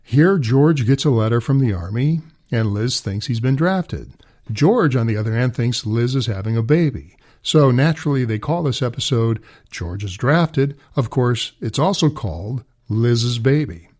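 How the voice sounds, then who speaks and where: A man's voice: medium pitch, lively intonation, normal speed, a little mellow. A man hosting a podcast, introducing an episode in a chatty, playful way. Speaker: podcast host.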